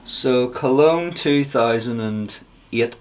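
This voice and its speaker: A man hosting a podcast in casual chat, telling stories with growing excitement and laughs. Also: medium pitch, takes it slowly. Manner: storytelling, animated when excited, with laughs. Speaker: podcast host.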